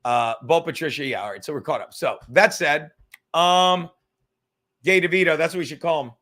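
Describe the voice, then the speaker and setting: A man's voice: on the high side, moderate pace, pushed and bright. A man hosting a livestream podcast in a casual, rambling, profane way, reading chat comments aloud as he goes. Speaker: podcast host.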